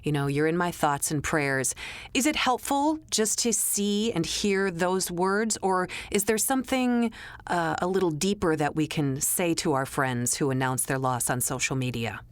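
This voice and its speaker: A woman hosts a podcast and asks her guest measured, thoughtful questions. Her voice sits very low for a woman. The sound is dry and close to the mic. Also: no room sound. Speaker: podcast host. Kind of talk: interview questions.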